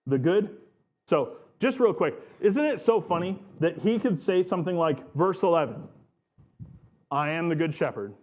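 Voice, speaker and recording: A man's voice: a little high, expressive, moderate pace, darkish tone. A man preaching a sermon as pastor of his church, earnest and emphatic, stretching out key phrases.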